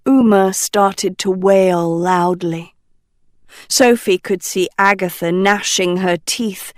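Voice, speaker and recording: A woman narrating a storybook in a measured, deliberate way. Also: medium pitch, fairly even intonation, no echo, studio quality. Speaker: audiobook narrator.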